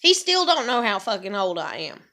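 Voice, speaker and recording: A woman's voice: medium pitch, very animated, normal speed, bright, forceful tone. A woman, venting in an angry, profane confessional rant to camera. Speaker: vlogger.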